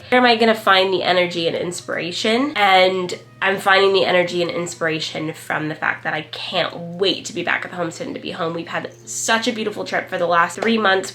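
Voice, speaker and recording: A woman's voice: lowish voice, sharp tone. Woman, 30s, family vlogger, stuffy head cold, rambling casual chat, clip-on mic. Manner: chatty, rambling, frequent "like". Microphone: wireless clip-on mic.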